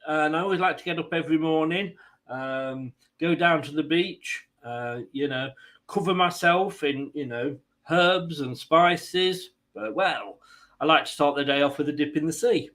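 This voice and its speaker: A man's voice: on the high side, a little slow, fairly bright tone. Joking man calling a match live. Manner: jokey, rambling, self-mocking banter. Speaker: host of a football watchalong stream. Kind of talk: live match commentary with casual chat.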